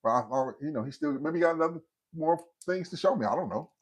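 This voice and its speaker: A man's voice: fairly high pitch, fast talker, husky. A man in his fifties hosting a livestream, telling a story casually and acting out the voices of the people in it. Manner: animated storyteller who acts out quotes. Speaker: livestream host.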